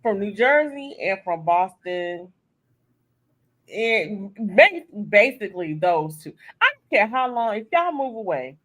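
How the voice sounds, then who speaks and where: Animated, emphatic woman storyteller. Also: medium pitch, measured pace, poor audio. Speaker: audiobook narrator. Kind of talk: casual podcast chat.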